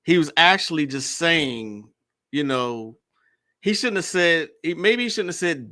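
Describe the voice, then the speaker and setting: Fields: slow, plain-spoken man. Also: fairly high pitch, lively intonation, bright, forceful tone. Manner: deliberately slow and simple; repeats points, checks in with viewers. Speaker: commentator. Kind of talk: casual commentary vlog.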